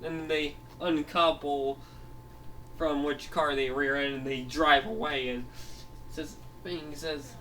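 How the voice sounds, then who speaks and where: A man's voice: on the high side, level tone, takes it slowly, pushed and bright. A man telling a made-up story in a rambling way, full of restarts and laughs. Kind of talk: improvised storytelling. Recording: voice heard from a distance, faint noise.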